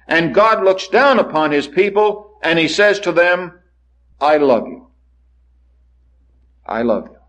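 A man preaching a sermon, swinging from soaring lines to hushed ones and acting out the voices he quotes. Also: high voice, highs cut off. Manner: dramatic rises and hushed drops, acts out quoted voices.

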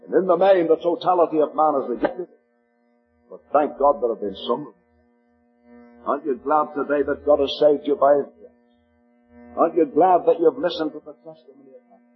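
A man from Liverpool with a Liverpool accent preaching a sermon, slowing to a measured cadence when he reads scripture aloud. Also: a little high, phone-quality sound, soft background music. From Liverpool, England.

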